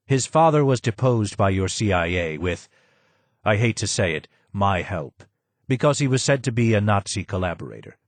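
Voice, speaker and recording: A man voicing a bitter, ailing old Persian man who speaks hoarsely and forcefully. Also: lowish voice, sing-song, moderate pace, no echo.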